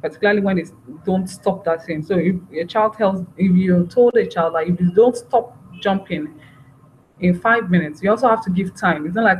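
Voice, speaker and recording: A woman's voice: on the low side, moderate pace, darkish tone. A woman giving a parenting workshop, talking earnestly and repeating her phrases. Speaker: parenting trainer. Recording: dull, slightly noisy recording.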